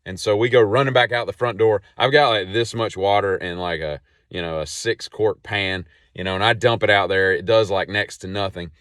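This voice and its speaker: Rambling low-voiced man telling a story. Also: normal speed, hardly any pauses, no echo, studio quality. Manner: rambling and animated, full of asides. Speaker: podcast host. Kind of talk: casual storytelling.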